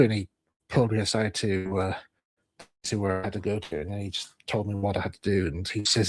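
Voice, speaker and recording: A man's voice: on the low side, fairly even intonation, fairly quick. A man streaming, telling a rambling personal anecdote and acting out other people's lines in a raised voice.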